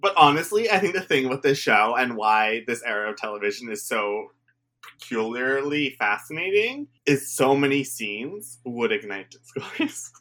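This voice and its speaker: A man's voice: mid-range voice, very animated, moderate pace, pushed and bright. A man co-hosting a podcast, chatting casually and laughing between profane remarks. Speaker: podcast co-host. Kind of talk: casual chat recapping a reality show.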